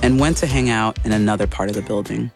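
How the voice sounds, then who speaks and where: A man giving scripted documentary narration with measured, dramatic pacing. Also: on the low side, creaky, music in the background.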